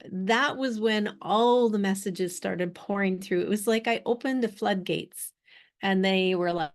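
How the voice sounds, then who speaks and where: A middle-aged woman shares her story at an unhurried pace, leaving long pauses between phrases. Her voice sits at an ordinary middle pitch, and she speaks in an earnest, heartfelt way as the host of a spiritual art workshop.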